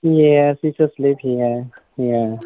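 A man's voice: medium pitch, steady tone, slow, close to an everyday voice. A man putting on a pleading grown son who talks in broken, repetitive English as a prank caller on the phone. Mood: apologetic. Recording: tinny phone line.

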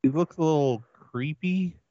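A man making a prank phone call, stammering and mock-earnest as he makes absurd requests in a deadpan way. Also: fairly high pitch, unhurried, a little hiss or hum. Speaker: prank caller host.

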